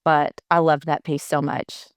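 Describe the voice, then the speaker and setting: A woman co-hosting a podcast, her voice sitting a bit low for a woman. She tells stories casually and with energy, slipping into the voices of the people she quotes. The sound is close and dry. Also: a little slow, clear, resonant tone, dry recording. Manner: animated, retells conversations in quotes, frequent restarts. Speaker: podcast co-host; mother of boys. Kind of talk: casual conversational storytelling.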